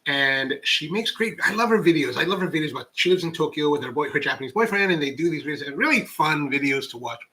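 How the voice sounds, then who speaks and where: A man's voice: on the high side, animated, quick pace, hardly any pauses, pushed and bright. A man hosting a coffee channel livestream, chatting casually and reading viewer comments in a rambling way with many restarts. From United States.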